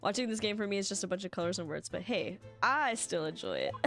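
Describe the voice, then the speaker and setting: A woman's voice: medium pitch, animated, fast talker, gravelly, fairly bright tone, faint music behind. A young woman streaming a video game, chatting casually and giggling between lines. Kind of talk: casual live-stream commentary.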